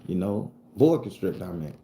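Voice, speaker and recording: A man from southern Florida tells a spooky tale in a very low, deep voice with a dark, mellow tone. He swears freely and acts out every line of dialogue. The recording has a roomy echo. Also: brisk, a little hiss or hum. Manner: profane, animated, acts out dialogue. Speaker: storyteller and channel host. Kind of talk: casual spoken ghost story. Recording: echoey room.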